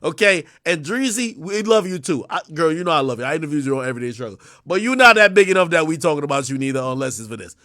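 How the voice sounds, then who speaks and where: Animated, profane male streamer. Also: fairly high pitch, fast, hardly any pauses, no room sound, studio quality. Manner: animated, swings from mumbling to shouting; profane, blunt, rambling. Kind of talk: live-stream commentary.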